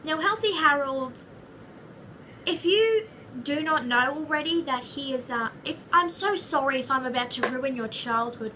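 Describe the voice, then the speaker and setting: A woman's voice: high voice, lively intonation, measured pace, bright, forceful tone, far from the mic, a little hiss or hum. Bubbly Australian girl rambling to camera. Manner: giggly, rambling, goofy asides. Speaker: vlogger. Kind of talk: casual chatty vlog.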